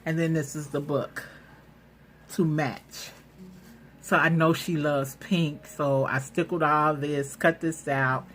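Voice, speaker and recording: A woman hosting a casual craft vlog, showing off handmade items in an excitable, chatty way with lots of fillers, recorded at home on a camera mic. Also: deep voice, a little hiss or hum. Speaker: craft channel host. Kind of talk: casual show-and-tell vlog.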